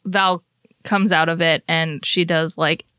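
A woman taking part as a player in a tabletop role-playing game, talking in an excitable way and laughing often. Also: low-pitched, a little slow, clear, resonant tone, dry recording. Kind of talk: casual tabletop play.

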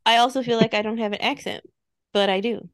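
A woman's voice: a little high, steady tone, quick pace, no echo, clean studio sound. A young woman with a Chicago accent, co-hosting a podcast in giggly, joking casual chat. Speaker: podcast co-host.

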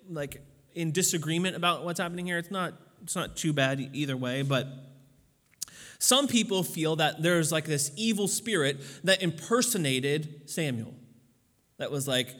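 Casual preacher with a high voice. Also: male voice, expressive, moderate pace, fairly bright tone, long reverb tail. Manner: casual and conversational with frequent fillers, swelling to emphatic peaks. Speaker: pastor. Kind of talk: sermon.

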